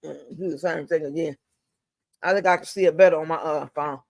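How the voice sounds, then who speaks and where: Fuming older man venting, high voice. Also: fairly even intonation, brisk, creaky, dry recording. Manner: fuming, profane, repeats himself, drawls some words out. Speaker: livestream host. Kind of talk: angry venting live stream. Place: at home.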